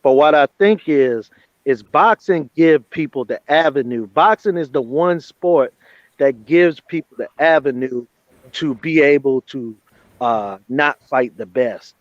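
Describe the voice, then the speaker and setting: A man's voice: mid-range voice, unhurried, no echo. An easygoing man agreeing and adding his view in a casual podcast chat. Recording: dry, dull lo-fi audio.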